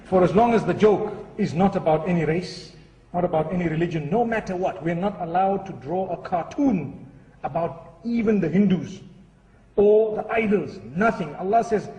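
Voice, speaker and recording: High-voiced man preaching in an echoey hall. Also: moderate pace, warm tone. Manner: earnest, storytelling. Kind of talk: sermon with a humorous story. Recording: echoey hall, far from the mic.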